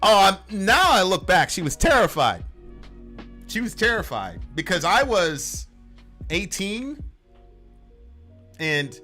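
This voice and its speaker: A young man co-hosting a podcast, chatting casually and bursting into loud impressions. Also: a little high. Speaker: podcast co-host. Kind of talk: casual reaction chat.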